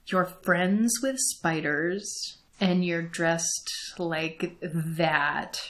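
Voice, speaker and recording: A woman voicing an earnest young male door-to-door salesman who speaks slowly and quietly with suspicion. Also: on the high side, steady tone, voice pushed down. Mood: suspicious.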